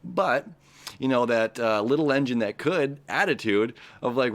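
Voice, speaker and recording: A man hosting his own astrology channel, talking to his camera in a rambling, animated way full of "you know"s and restarts. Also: medium pitch, moderate pace. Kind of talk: casual motivational talk to camera. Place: his own recording spot, seated. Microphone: camera setup he operates himself.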